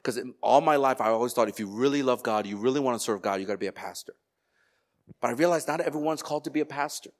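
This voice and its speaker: A man's voice: medium pitch, quick pace. A man pastor giving a sermon, preaching with energy, stacking repeated phrases and telling personal stories.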